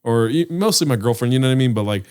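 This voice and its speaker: A man's voice: mid-range voice, lively intonation, racing, darkish tone, clean tone. Podcast co-host, male, mid-range voice, loose reflective ramble. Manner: rambling, reflective, lots of fillers. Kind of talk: casual chat.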